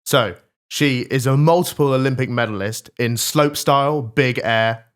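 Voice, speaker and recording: A man's voice: medium pitch, moderate pace. A man co-hosting a podcast, bragging and joking crudely in casual banter. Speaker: podcast co-host.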